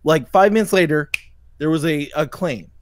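A man's voice: a little high, moderate pace, a little hiss or hum. A man hosting a livestream talk show, ranting angrily and cursing as he retells an online drama. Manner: profane, ranting, quotes people in mocking voices. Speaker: podcast host. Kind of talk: heated livestream commentary.

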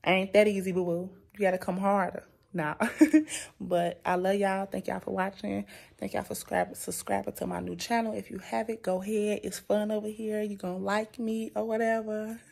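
Gravelly-voiced young woman vlogging casually. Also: mid-range voice, flat delivery, moderate pace, darkish tone. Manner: chatty, keeps addressing viewers as y'all. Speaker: vlogger and mother. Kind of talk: casual vlog chat.

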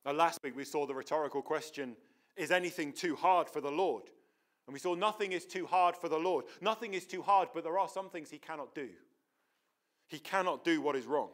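A man's voice: on the high side, brisk, a bit bright. A man preaching a sermon in a church, earnest and emphatic, often restarting his words.

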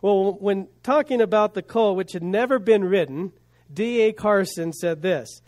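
A male pastor preaching a sermon, building emphasis with rhetorical questions and dropping to quiet asides. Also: sits high, unhurried.

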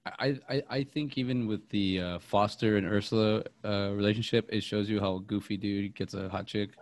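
A man's voice: fairly low pitch, fairly even intonation, moderate pace. A young man chatting casually about movies on a podcast, rambling with many restarts and fillers. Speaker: podcast co-host.

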